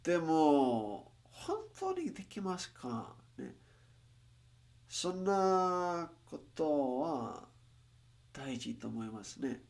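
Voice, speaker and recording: A livestreamer whose first language is not English chats loosely, thinking out loud. The voice sits at a middling pitch and swings through a wide, animated range. The speech is full of restarts, and it becomes especially halting, with many fillers, once the speaker switches to Japanese. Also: vocal fry. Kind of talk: casual livestream chat.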